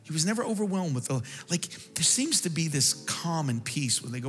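A man's voice: a little high, very animated, fairly quick, fairly bright tone, big-room sound, faint music behind. A man pastor preaching a sermon with impassioned delivery that swells toward near-singing peaks.

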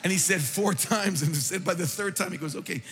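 A man's voice: high voice, a little fast, a bit bright. A man preaching a sermon, telling a story with fervent, emphatic delivery. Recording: reverberant hall with faint music.

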